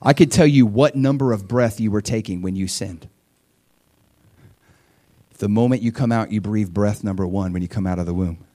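A man in his forties preaching a sermon as a pastor, in an animated, conversational style that swings between quiet asides and loud bursts. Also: fairly low pitch, moderate pace, pauses often. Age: 40s.

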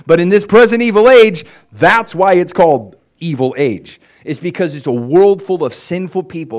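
A man preaching a sermon in a casual, animated storytelling way, with lots of fillers and sudden rises in pitch and volume for emphasis. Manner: animated storytelling, chatty fillers, swings loud and high for emphasis.

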